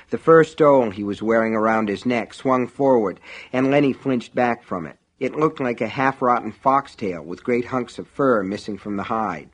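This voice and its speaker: A man's voice: mid-range voice, moderate pace. Man narrating an audiobook steadily.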